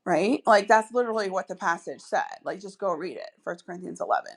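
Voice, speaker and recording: A woman's voice: medium pitch, a little fast, husky. A woman hosting a solo podcast as a dating coach, chatty and upbeat, with many asides and fillers.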